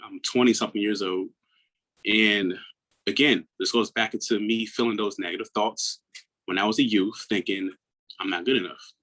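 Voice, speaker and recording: A man in his thirties from Maryland, a guest on an interview who speaks earnestly and reflectively, often dropping into a hushed tone. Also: lowish voice, steady tone, normal speed, low-quality recording. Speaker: guest, mental health coach. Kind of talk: personal storytelling in an interview.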